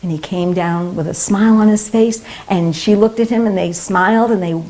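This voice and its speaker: A woman's voice: mid-range voice, moderate pace, dark tone. A woman speaker at a temple talk, telling a personal story in an earnest way and acting out the voices she quotes. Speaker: devotee speaker.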